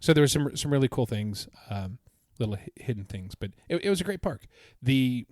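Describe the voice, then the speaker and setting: A man's voice: mid-range voice, animated, brisk, darkish tone, no echo, studio quality. A man co-hosting a podcast, recounting his trip in a casual, enthusiastic, rambling way. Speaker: podcast co-host. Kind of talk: casual chat.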